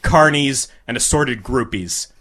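Bright-voiced man reading a comic story. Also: medium pitch, unhurried.

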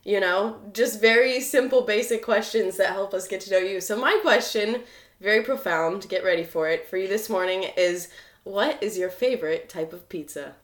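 A woman's voice: medium pitch, normal speed. Bubbly podcast host, woman, laughs often, recorded in an echoey room. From United States. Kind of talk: casual podcast interview.

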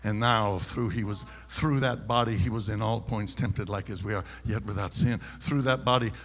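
A male pastor preaching a sermon, telling a story quietly and then shouting his points. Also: lowish voice, moderate pace, in a large hall.

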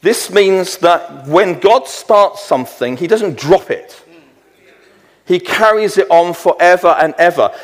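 A middle-aged man delivers a sermon, drawing out scripture verses slowly and with weight. His voice sits a little high for a man. The sound carries a long reverb, as if in a large hall. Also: expressive. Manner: slows down to read verses with emphasis. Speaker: preacher.

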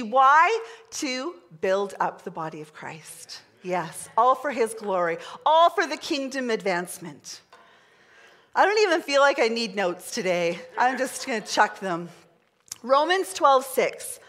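Middle-aged woman preacher, high voice that swoops all over, chatty and excitable; big church hall. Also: measured pace. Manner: chatty, excitable, leads the crowd in call-and-response. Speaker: pastor. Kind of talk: sermon. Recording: long hall reverb.

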